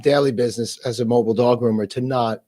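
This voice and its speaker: A man's voice: mid-range voice, steady tone, fast talker, dark tone. Brief: laid-back male podcast host, blunt, rambling, jokey. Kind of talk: casual chat.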